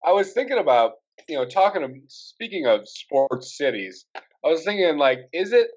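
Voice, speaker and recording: A man's voice: on the high side, normal speed, muffled recording. Exasperated Wisconsin sports fan man. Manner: animated, swearing, rising to exasperated rants. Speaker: podcast co-host. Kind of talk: casual sports chat.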